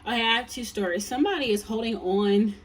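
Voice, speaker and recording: A woman's voice: on the high side, quick pace, far from the mic. A tired woman giving a casual tarot reading, blunt and profane, rambling with lots of fillers. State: tired, yawning. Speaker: tarot reader.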